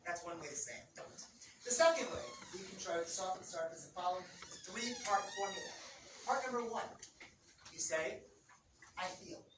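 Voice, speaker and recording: A woman couples therapist giving an explanatory talk on relationships, acting out quoted couples in an animated way. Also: lowish voice, moderate pace, long pauses. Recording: roomy, distant, noisy room sound.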